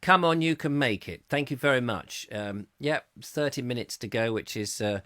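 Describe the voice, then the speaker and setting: A man hosting a live chat show, reading out viewer comments with jokey, mock-indignant asides, his throat going a little hoarse. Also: medium pitch, animated, moderate pace, fairly bright tone, dry recording, clean studio sound. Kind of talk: casual ranty live-stream chat.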